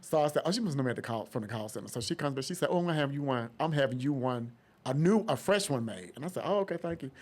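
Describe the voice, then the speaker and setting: A man's voice: medium pitch, lively intonation, rapid-fire. A man, a podcast guest telling a story dramatically and acting out the voices of the people in it. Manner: dramatic, acts out voices in quotes. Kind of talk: animated storytelling.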